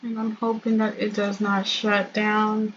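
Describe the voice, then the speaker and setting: A woman's voice: medium pitch, monotone, a little slow, muffled recording, a little hiss or hum. A young woman casually narrating her life-sim let's play, chatty and storytelling. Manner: chatty, storytelling, laughs often.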